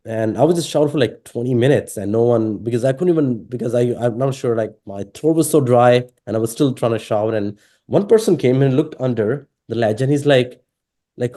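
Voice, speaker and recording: A man from Pakistan, telling his personal story in an interview, halting and full of fillers and restarts. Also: mid-range voice, lively intonation, mellow. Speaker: interviewee sharing his testimony.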